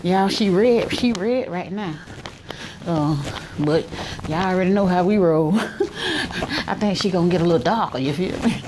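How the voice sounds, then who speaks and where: A tired Southern US woman talks straight to her phone camera as she walks hospital halls. Her pitch swoops up and down freely, and a steady hiss of noise sits under every word. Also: measured pace. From Alabama, US. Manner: chatty, talks straight to viewers while walking. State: tired, worn out. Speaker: vlogger. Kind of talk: casual handheld vlog chat. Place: hospital corridors and rooms, indoors. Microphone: handheld phone. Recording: noisy hospital ambience.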